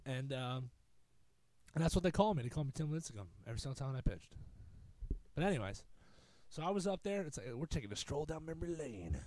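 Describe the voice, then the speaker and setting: A man's voice: mid-range voice, lively intonation, brisk, pauses often, darkish tone, no echo. A young man hosting a podcast, telling a long rambling story in a casual, profane, self-mocking way. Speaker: podcast host.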